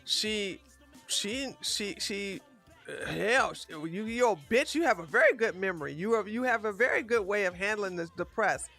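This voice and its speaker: A woman's voice: mid-range voice, animated, normal speed, fairly bright tone, soft background music. A woman hosting a live-stream political commentary show, ranting bluntly and with heavy profanity.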